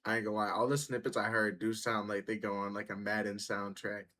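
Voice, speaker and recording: A man's voice: fairly low pitch, flat delivery, brisk, sharp tone. A man hosting a reaction video, talking casually in blunt, profane slang.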